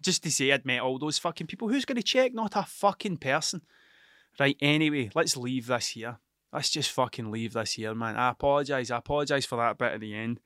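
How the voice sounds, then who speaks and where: A man's voice: mid-range voice, a little fast, fairly bright tone, no echo, studio quality. A young Scottish man talking in a sweary, rambling monologue, often cutting himself off and restarting, as the host of his own show. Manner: sweary, rambling, self-interrupting. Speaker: podcast host.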